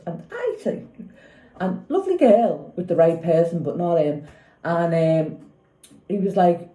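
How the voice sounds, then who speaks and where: A woman's voice: lowish voice, expressive, a little slow, dark tone. A woman in her fifties chatting casually in a vlog, giving rambling opinions on a TV show and often checking if you follow her. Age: 50s. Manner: rambling, opinionated, keeps asking "do you know what I mean". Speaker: vlogger. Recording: echoey room.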